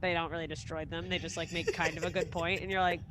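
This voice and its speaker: A woman's voice: fairly low pitch, level tone, fast, background noise. A young adult woman, a touring stand-up comedian, chatting casually as a guest, laughing often, swearing and acting out quotes. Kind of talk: casual chat.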